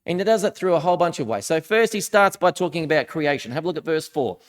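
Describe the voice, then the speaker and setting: A man with a high voice gives a sermon in a relaxed, chatty manner. He reads scripture aloud and leans hard into the dramatic lines. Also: fast. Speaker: minister.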